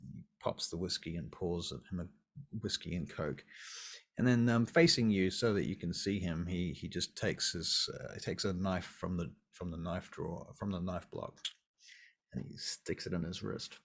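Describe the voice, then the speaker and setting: A man's voice: low-pitched, normal speed, vocal fry, husky. A man running a tabletop role-playing game as game master, narrating casually with restarts.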